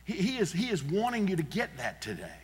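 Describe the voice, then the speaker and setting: Earnest preacher with a ringing hall echo. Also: male voice, high voice, wildly swooping pitch, a little fast, slightly rough. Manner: earnest, emphatic, repeats key phrases. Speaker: pastor. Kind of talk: sermon. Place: church sanctuary.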